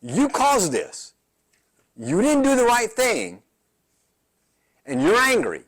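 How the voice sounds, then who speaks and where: A man pastor voicing God as he questions Cain in a stern, reproachful tone, with his voice lifted higher than his usual speech. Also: huge pitch swings, takes it slowly, a bit bright, exaggerated voice. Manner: pointed, challenging questions.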